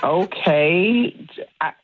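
A woman's voice: on the low side, expressive, extremely slow, a little hiss or hum. Woman, restaurant worker, polite, flustered, apologetic, dull phone sound. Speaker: restaurant worker taking a call. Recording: muffled phone line.

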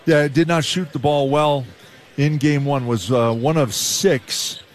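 A man's voice: on the high side, unhurried. Easygoing male color commentator. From Canada. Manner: relaxed, explanatory, with frequent "uh" and restarts. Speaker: color commentator, former player. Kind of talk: basketball color analysis.

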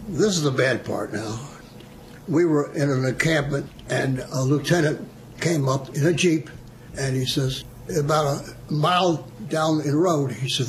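Old guy telling war stories, laughs a lot, kinda high voice. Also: measured pace, a little hiss or hum. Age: older. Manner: chatty, chuckles through his stories. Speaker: veteran telling his war memories. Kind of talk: storytelling oral history.

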